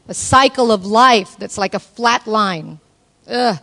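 A woman preaching a sermon at a women's conference, passionate, swinging from soft low appeals to high exclaiming calls. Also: moderate pace, vocal fry.

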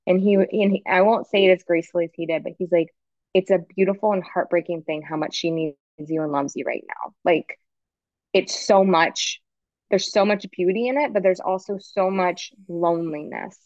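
Brief: woman in her thirties, lower voice, candid and emotional, slightly muffled dry recording. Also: steady tone, moderate pace, darkish tone, no room sound. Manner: frank, emotional, rambling with restarts. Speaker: podcast guest, photographer. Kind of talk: candid conversational storytelling.

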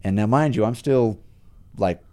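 A middle-aged man casually telling a personal story on a podcast, animated and acting out his own past thoughts. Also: fairly low pitch, measured pace. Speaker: podcast guest, horse trainer.

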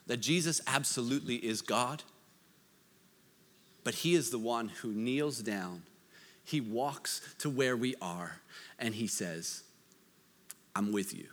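A man preaching a sermon, conversational with joking asides, swinging from loud to hushed. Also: a little high, long reverb tail. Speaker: pastor.

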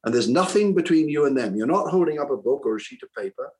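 A man's voice: a little high, lively intonation, fast, darkish tone, low-quality recording. An older man, an author who once taught school, talks reflectively in an interview, earnest and rambling, often restarting his sentences. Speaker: author and former teacher.

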